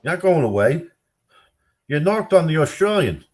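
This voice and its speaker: A man in casual banter, loud and mocking, swearing often, whose voice jumps up when he rants. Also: on the high side, very animated, normal speed. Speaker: streamer reacting to chat.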